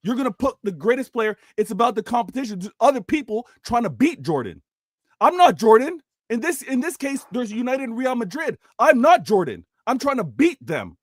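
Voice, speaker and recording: A man with a high voice pushes his argument on a football panel and won't be cut off. The sound is dry and close. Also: very animated, a little fast, hardly any pauses, dry recording. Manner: insistent, keeps demanding to respond. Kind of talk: heated football debate.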